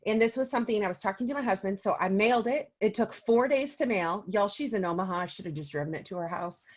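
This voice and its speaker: Co-hosting an oils business meeting over a video call, a woman chats casually and tells stories filled with ums. Her mid-range voice moves fast, and the audio has its highs cut off.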